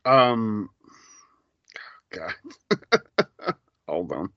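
A man co-hosting a casual pop-culture podcast, speaking slowly and emphatically and swearing now and then. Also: fairly low pitch, very animated, fairly bright tone, no echo. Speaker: podcast co-host. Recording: slightly dull lo-fi sound.

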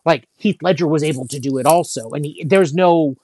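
A man's voice: a little high, a little fast, darkish tone, dry recording. A man chatting casually about movies, rambling with many fillers and restarts. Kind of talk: casual chat.

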